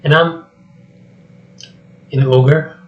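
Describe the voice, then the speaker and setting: Man doing a grumpy ogre, halting, mumbly, awkward. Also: a little high, steady tone, highs cut off. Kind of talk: solo script reading with voices.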